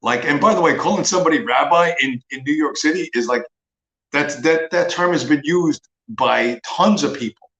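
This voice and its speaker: A man's voice: fairly high pitch, moderate pace, a bit bright, echoey room, dull audio. A man hosting a livestream, talking in a sarcastic, profane, mocking rant. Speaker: livestream host. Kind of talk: casual ranting monologue.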